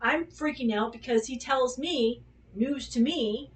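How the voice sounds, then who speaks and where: Animated woman telling a story off-mic. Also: sits high, unhurried, recorded from a distance, a little hiss or hum. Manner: animated, exclamatory, swears freely. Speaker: dog groomer. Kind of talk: casual storytelling monologue.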